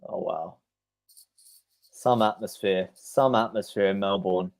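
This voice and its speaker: A man's voice: on the low side, slow, long pauses, a little mellow. A man giving live play-by-play of a tennis match on a stream, calling each shot in turn and answering chat comments between points.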